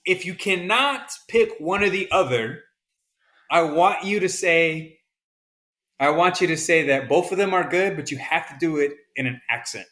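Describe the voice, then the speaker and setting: A man from the American South chats loosely with a friend on a podcast. His voice is bright and a little high, and he rambles through fillers and keeps tossing in "man" as he goes. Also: moderate pace. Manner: laid-back, says "man" often, rambling with fillers. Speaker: podcast co-host. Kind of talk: casual chat.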